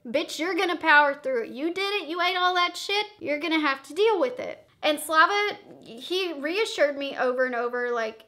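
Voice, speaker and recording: A young woman tells a wild story straight to camera, swearing freely and acting out every beat. Her voice sits high and bright. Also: moderate pace, few pauses. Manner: animated, profane, dramatic retelling. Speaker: vlogger. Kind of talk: casual storytime vlog.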